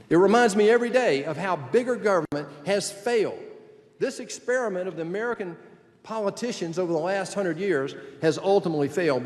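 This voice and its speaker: A man in his sixties giving a political speech as a senator at a youth conference, telling folksy stories with jokes. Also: high voice. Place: large conference hall. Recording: long hall reverb.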